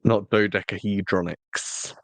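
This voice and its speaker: A man's voice: on the low side, steady tone, unhurried. A man co-hosting a podcast, chatting casually with wry, teasing humor. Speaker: podcast co-host. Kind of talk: casual chat.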